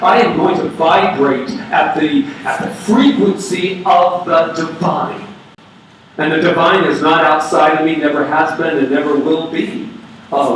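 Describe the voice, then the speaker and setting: A man giving an animated, conversational sermon as a minister, with playful asides. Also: fairly high pitch, far from the mic, a little hiss or hum. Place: church sanctuary. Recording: very echoey hall, voice from afar.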